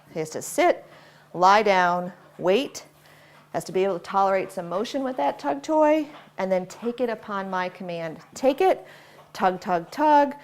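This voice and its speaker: A woman dog trainer demonstrating tug play, explaining patiently between short commands to a dog. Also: medium pitch.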